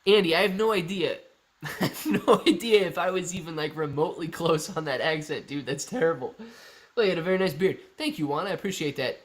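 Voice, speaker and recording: A man's voice: a little high, a little fast. Chatty man hosting a live stream. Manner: joking, chatty, reads chat messages aloud. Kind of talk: casual live chat reading viewer comments.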